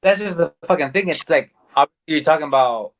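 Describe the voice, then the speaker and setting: A man's voice: a little high, lively intonation, quick pace. Laid-back, profane male podcast guest. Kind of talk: casual chat.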